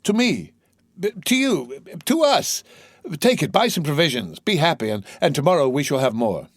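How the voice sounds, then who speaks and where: A man's voice: mid-range voice, big pitch swings, fast talker, no room sound, studio quality, pitched above the performer's own voice. A man voicing an earnest, eager young male sailor talking to his father in an audiobook. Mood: eager, joyful.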